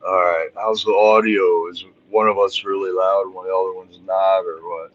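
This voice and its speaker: A man's voice: deep voice, little pitch movement, moderate pace, dull audio. A man joining a livestream as a call-in guest, teasing and friendly in casual chat.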